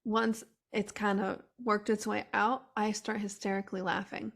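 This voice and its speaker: Woman podcast host, mid-pitched, relaxed, conversational, agreeing. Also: normal speed, vocal fry. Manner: relaxed, agreeing, sharing her own experience. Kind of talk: conversational interview chat.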